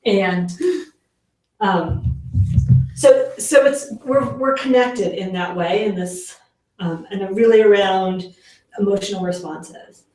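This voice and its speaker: A woman's voice: medium pitch, slow pace, pauses often, dark tone. A woman giving a casual workshop talk to parents as a parenting educator, chatty with lots of fillers and acting out the lines she quotes. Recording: very echoey room, mic far off.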